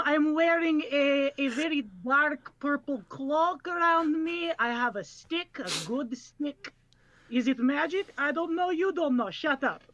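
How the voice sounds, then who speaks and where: A man's voice: very high-pitched, pushed and bright, highs cut off, heavily acted. A man voicing a lanky male brown bear professor who talks in a mock Russian accent and snaps curt retorts.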